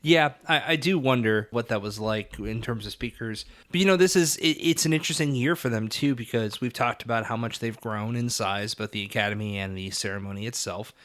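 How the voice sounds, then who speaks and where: A man's voice: medium pitch, fairly quick, few pauses, fairly bright tone. A man co-hosting a film-history podcast in a casual, thoughtful way, with fillers now and then. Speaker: podcast co-host.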